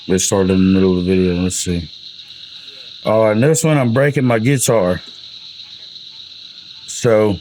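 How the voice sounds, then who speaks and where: A man's voice: lowish voice, a little hiss or hum, low-quality recording. A man, telling rambling, profane stories about his music in a casual way. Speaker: country singer telling album stories. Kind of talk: casual storytelling.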